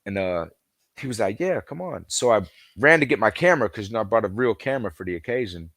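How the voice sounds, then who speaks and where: A man's voice: on the low side, lively intonation, quick pace, fairly bright tone, no echo. Man, podcast guest, casual rambling storyteller, acts out quotes, dry sound. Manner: leans heavily on "you know" fillers. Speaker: podcast guest, football fan. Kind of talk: casual chat.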